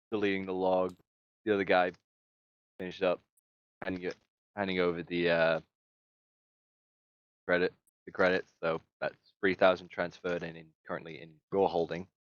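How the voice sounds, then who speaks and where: A man narrating as game master in a tabletop game, casual and quick to laugh and swear. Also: deep voice, flat delivery, clear, resonant tone, no room sound, dull audio.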